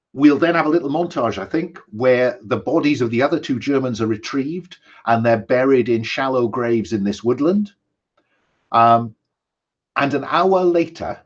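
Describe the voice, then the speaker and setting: Man, game master, husky voice, muffled lo-fi sound, measured with many ums. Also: mid-range voice. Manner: measured, frequent ums and restarts. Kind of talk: narrating a tabletop game.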